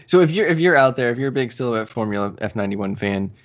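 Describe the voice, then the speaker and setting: A man co-hosting a podcast in casual chat, recapping a story with animated retellings and quotes. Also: medium pitch, quick pace, muffled recording. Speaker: podcast co-host.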